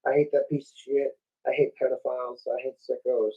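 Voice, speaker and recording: A man's voice: mid-range voice, level tone, fairly quick, highs cut off. A man ranting casually on a livestream, profane and rambling, coughing now and then. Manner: profane, rambling, laid-back. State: coughing from vaping.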